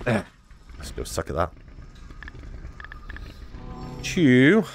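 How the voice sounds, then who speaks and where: A man's voice: mid-range voice, wildly swooping pitch, takes it slowly, creaky, music in the background. A man playing a VR game, joking and muttering to himself as he goes. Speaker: gaming YouTuber.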